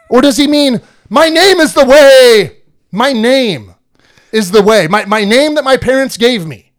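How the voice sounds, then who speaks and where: Male podcast host, high-pitched and animated, slangy casual chat. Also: unhurried. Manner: animated, slangy, repetitive restarts.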